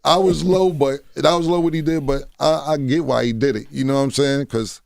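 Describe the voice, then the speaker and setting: This radio guest's voice sits on the high side, creaky and darkish, with a steady tone and a fairly quick delivery. He tells stories bluntly, swearing freely and often asking "you know what I'm saying." Recorded on a studio mic with no room sound.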